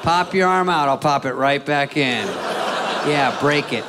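A man's voice: fairly high pitch, unhurried, voice pushed up, natural voice. A man voicing a pushy, macho male buddy in a raised, bro-ish voice, recorded live with a laughing crowd. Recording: live club with audience laughter and noise.

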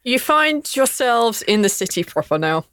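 A woman's voice: fairly high pitch, very animated, moderate pace, a bit bright. A woman narrating a tabletop game as game master, casual and descriptive with frequent fillers.

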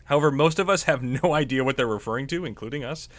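A man co-hosting a podcast as a medical professional, talking in an animated, conversational way and often correcting himself mid-sentence. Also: medium pitch, fast, no room sound. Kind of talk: casual podcast chat.

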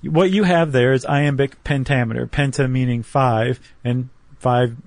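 A man's voice: medium pitch, fairly even intonation, unhurried, a little mellow, dry recording. A man co-hosting a podcast, explaining step by step in a casual, joking way with frequent restarts. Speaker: podcast co-host. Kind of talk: casual educational chat.

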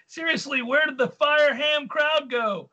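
A man's voice: very high voice, bright, forceful tone, lo-fi sound. A man hosting a casual sports talk show, reading listener questions and talking emphatically. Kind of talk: casual sports radio chat.

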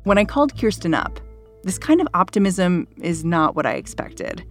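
A woman hosting a news podcast, narrating in a measured, conversational way and asking interview questions. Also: on the low side, sing-song, faint music behind. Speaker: podcast host.

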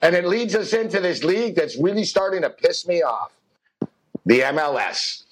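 A high-pitched man hosting a sports betting chat show. He tells stories with lots of energy, acts out every line of dialogue, and breaks into laughter as he goes. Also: normal speed, breathy edge, low-quality recording. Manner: animated storyteller who acts out dialogue, laughing often. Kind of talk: casual chat.

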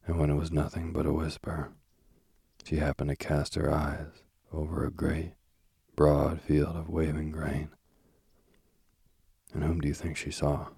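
A man reading a storybook aloud in a measured, even way. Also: a bass voice, vocal fry, husky, no room sound, studio quality. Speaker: narrator.

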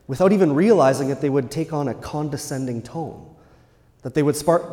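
A man, a Catholic priest, giving a Sunday homily in an earnest, measured way with emphatic pauses. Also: medium pitch, darkish tone. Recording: long church reverb.

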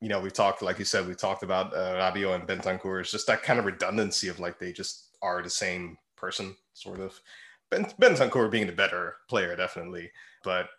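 A man's voice: low-pitched, brisk, a bit bright. A man co-hosting a casual football podcast, rambling with many fillers and frequent laughs. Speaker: podcast co-host. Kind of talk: casual chat about football.

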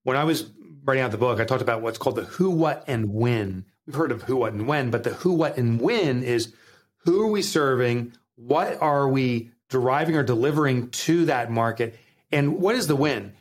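A man's voice: mid-range voice, moderate pace. A man with a New Jersey accent, a guest author talking emphatically in a podcast interview. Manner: emphatic, animated, motivational.

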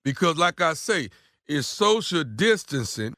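List: man as older male neighbor, stubborn, blunt, stammering repeats, prank call, high voice. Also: big pitch swings, a little slow, sharp tone, no echo, studio quality, exaggerated voice. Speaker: prank caller, radio show regular. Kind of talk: prank phone call role-play.

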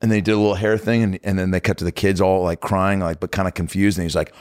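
A laid-back male host with a somewhat low voice, chatting and laughing easily. The recording is close and dry, with no room around him. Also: flat delivery, fast talker, hardly any pauses, no room sound. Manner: laid-back, laughs often, asks questions. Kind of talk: casual chat.

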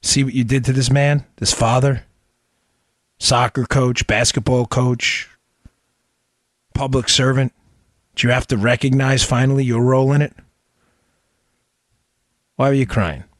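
Middle-aged male host, political commentary monologue, emphatic and impassioned, dry close recording, mid-pitched. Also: little pitch movement, normal speed, long pauses, no echo. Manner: impassioned, emphatic, fires rhetorical questions. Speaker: podcast host.

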